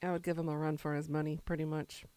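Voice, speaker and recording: Chatty woman streamer, low dry voice. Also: flat delivery, fast, mellow, no room sound. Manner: chatty, rambling, answers chat while eating. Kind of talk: casual chat with stream viewers.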